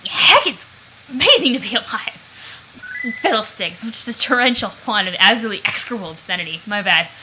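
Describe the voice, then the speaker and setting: A woman voicing a brash young man who brags about his muscles with loud, mock-old-fashioned exclamations. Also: mid-range voice, lively intonation, brisk, a little hiss or hum, low-quality recording. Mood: excited.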